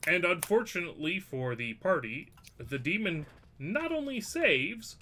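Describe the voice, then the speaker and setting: A man's voice: high-pitched, big pitch swings, unhurried, bright, forceful tone, slight background noise. A man acting as game master, joking and hedging as he runs a tabletop game online, swearing now and then.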